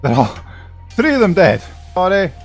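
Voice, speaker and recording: Male gamer on voice chat, excitable and sweary, slightly high voice, faint music behind. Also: moderate pace. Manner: excitable, swears a lot, calls out loudly. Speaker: squad player. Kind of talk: casual game voice chat.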